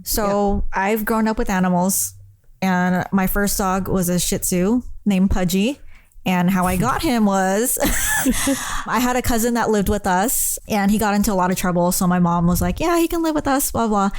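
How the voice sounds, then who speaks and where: A woman co-hosting a podcast, chatting casually and telling earnest stories in a soft-spoken way. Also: mid-range voice, unhurried, dry recording. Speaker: podcast co-host. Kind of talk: casual chat.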